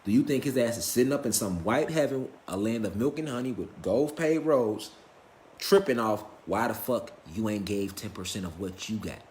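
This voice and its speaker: A man's voice: fairly low pitch, normal speed, darkish tone, reverberant, slight background noise. Profane, emphatic man lecturing a live class. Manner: profane, emphatic, fires rhetorical questions and answers them. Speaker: spiritual lecturer. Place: lecture room with a live audience.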